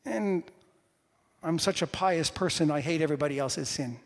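A pastor with a fairly high voice delivers a sermon, trading casual questions with his congregation and then surging into loud, emphatic lines. His voice rings out in a church hall with a long, lingering reverb. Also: fairly quick. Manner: building to loud emphatic bursts; conversational with the congregation.

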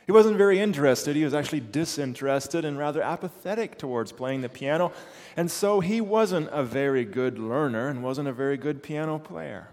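A man preaching to a church congregation, telling a story with measured, dramatic pacing. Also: mid-range voice, expressive, a little mellow, in a large hall. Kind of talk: sermon storytelling.

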